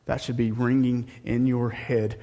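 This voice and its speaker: A man preaching a sermon as a pastor, reading scripture and rising to a high, mocking voice when he turns sarcastic. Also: little pitch movement, a little slow, mellow, big-room sound.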